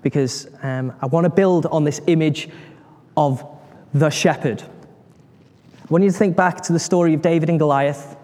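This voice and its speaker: A man gives a sermon, retelling scripture with lively, acted-out voices and questions to the congregation. His voice sits slightly high for a man. The sound carries a long reverb, as in a large hall. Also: moderate pace, pauses often. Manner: animated storytelling, acts out voices, asks the congregation questions. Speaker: preacher.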